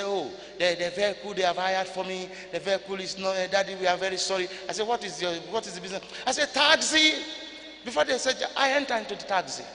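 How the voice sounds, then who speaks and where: An older male pastor from Ghana preaching a sermon in a church hall. He repeats phrases for emphasis and swings between loud rises and low drops. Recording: church hall reverb, light noise.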